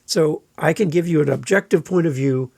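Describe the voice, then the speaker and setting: A man hosting a solo podcast, giving energetic, playful advice and sometimes mimicking listeners in silly voices. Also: a little high, normal speed, creaky, dry recording, clean studio sound. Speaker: podcast host.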